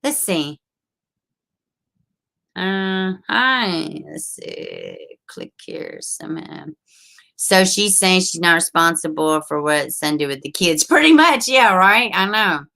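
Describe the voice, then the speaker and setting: A woman hosting a casual livestream, chatty and excitable, reading chat and laughing often. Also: fairly low pitch, takes it slowly, creaky.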